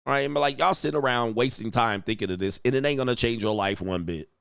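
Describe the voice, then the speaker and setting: A man's voice: mid-range voice, fast talker, vocal fry, fairly bright tone, clear, resonant tone, dry recording, clean studio sound. A young adult man, a dating coach, hosts a casual livestream, reading out viewer donations and commenting in a blunt, slangy, profane way.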